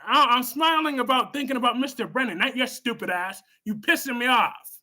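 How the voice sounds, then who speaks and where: A man hosts a live stream, chatting with viewers in an animated way. His voice sits high and bright. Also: brisk. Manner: chatty, animated, scolds chatters loudly then gushes warmly. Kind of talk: casual live stream chat, reading viewer comments.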